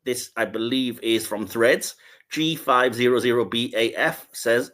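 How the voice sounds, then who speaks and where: A man's voice: medium pitch, measured pace, a bit bright. A man hosting a podcast in casual chat, rambling along with lots of filler words and restarts, chuckling between remarks. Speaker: podcast host.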